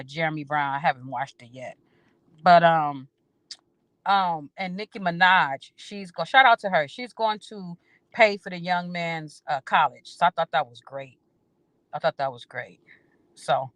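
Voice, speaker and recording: A woman's voice: lowish voice, dry recording. A woman hosting a casual storytelling chat, blunt and profane, repeating phrases for emphasis and acting out both sides of her conversations.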